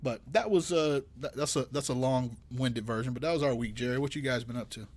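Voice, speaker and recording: A man's voice: medium pitch, fairly quick, darkish tone. Casting note: young male co-host, loose rambling delivery, mid-range voice. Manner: rambling, many restarts, teasing. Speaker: podcast co-host. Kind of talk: casual chat.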